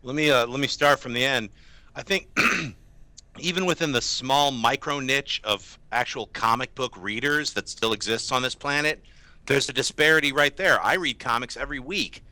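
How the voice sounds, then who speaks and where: A man's voice: mid-range voice, moderate pace, bright, forceful tone, no room sound. A male co-host losing his voice, giving emphatic, opinionated takes in a casual panel chat. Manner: opinionated, emphatic, mocks fan complaints. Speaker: movie show co-host.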